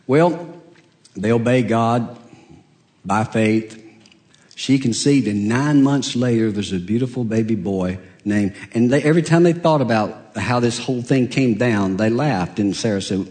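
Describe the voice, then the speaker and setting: A man preaching a sermon, telling the story with acted-out dialogue and humor, moving between soft low asides and raised, emphatic cries. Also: a little slow.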